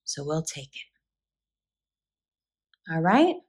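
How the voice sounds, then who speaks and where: A woman's voice: low voice, big pitch swings, takes it slowly, a little mellow, husky. A woman giving a spoken tarot reading, talking straight to her viewers in an earnest, reassuring way. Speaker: tarot reader.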